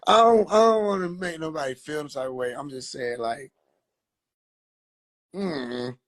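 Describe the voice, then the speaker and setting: On a phone live stream picked up by the phone mic, a young male livestreamer tells a rambling, profane, slangy story and animatedly acts out the other voices. His voice is a little high and a little slow.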